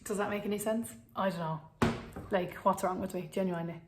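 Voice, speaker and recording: A woman's voice: mid-range voice, steady tone, fairly quick. A young woman with an Irish accent, chatting to camera in a rambling, self-mocking way. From Ireland. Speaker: vlogger. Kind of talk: casual chat to camera.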